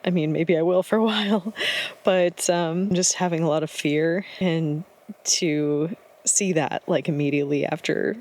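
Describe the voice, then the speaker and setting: A young woman vlogging to camera, talking softly and anxiously, with sighs and nervous laughs. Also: low-pitched. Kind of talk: casual vlog to camera.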